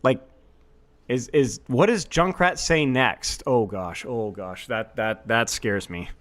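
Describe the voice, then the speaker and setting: A man playing a casual gaming quiz as contestant, stammering and mocking himself as he thinks out loud. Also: mid-range voice, slow pace. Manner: stammering, animated, self-mocking.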